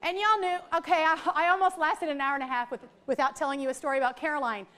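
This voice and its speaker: Lively high-voiced woman trainer. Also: quick pace. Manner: lively, chatty, teacherly. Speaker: literacy trainer. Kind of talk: teacher training workshop. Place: training room with a group.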